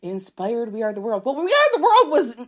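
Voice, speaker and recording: A woman in her forties co-hosting a podcast in casual chat, emphatic and animated, often laughing. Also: on the high side, a little fast. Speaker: podcast co-host.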